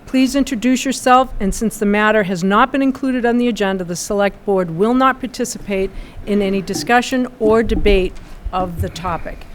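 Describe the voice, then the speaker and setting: A woman chairing a town board meeting, brisk and procedural as she moves through the agenda. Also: medium pitch, slight background noise.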